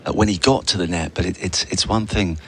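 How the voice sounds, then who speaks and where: A man giving tennis analysis as co-commentator on a headset, dry and wry, with halting restarts. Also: low voice, noisy background. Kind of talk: live sports commentary.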